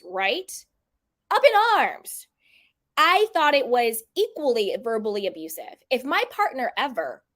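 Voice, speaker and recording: A woman giving casual, opinionated commentary to her viewers and acting out the quotes she repeats. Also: a little high. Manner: animated, opinionated, acts out quotes. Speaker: commentary vlogger.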